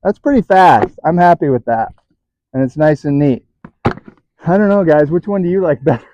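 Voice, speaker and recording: A man's voice: a little high, expressive, normal speed, mellow, highs cut off. A man hosting a casual hands-on DIY vlog in his workshop, chatty and self-mocking, often chuckling as he demonstrates. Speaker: DIY channel host.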